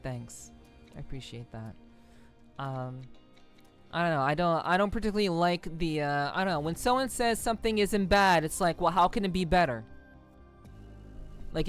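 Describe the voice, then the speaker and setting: Low-voiced woman streamer. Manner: rambling and chatty, with restarts and laughs. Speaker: VTuber streamer. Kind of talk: casual game stream with reading aloud.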